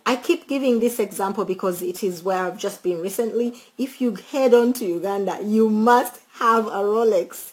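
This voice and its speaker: A woman chatting casually as a travel vlogger, animated and quick to laugh, speaking to her viewers and calling out friends by name. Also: mid-range voice, a little hiss or hum, low-quality recording. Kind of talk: casual travel tips chat.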